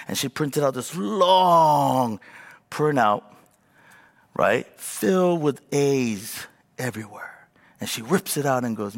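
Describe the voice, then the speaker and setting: A male pastor in his forties preaching a sermon with animated, self-mocking storytelling. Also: medium pitch, measured pace. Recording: long reverb of a large hall.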